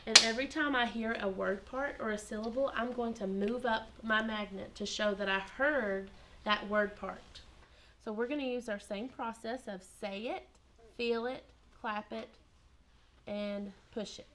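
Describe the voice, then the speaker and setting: A woman's voice: fairly high pitch, fairly even intonation, measured pace, a bit bright. A woman teaching kindergarten in a classroom, patient and encouraging, asking the children lots of prompting questions.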